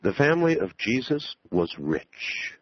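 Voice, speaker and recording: A man hosts a radio interview and questions his guest in a measured, probing way. His voice sits in a middle range. The recording is dry and slightly muffled. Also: medium pitch, sing-song, slightly rough, no room sound. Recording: dull, dry radio audio.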